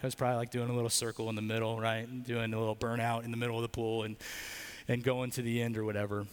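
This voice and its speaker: A man's voice: mid-range voice, a bit bright, clear, resonant tone, long reverb tail. A man preaching a sermon in a church, telling a personal story with casual fillers and leading a prayer. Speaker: pastor. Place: church building.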